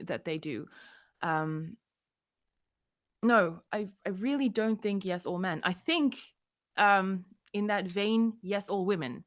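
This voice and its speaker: A woman hosting a casual livestream chat, talking hesitantly with lots of fillers and restarts, blunt and a bit tipsy. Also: lowish voice. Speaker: host.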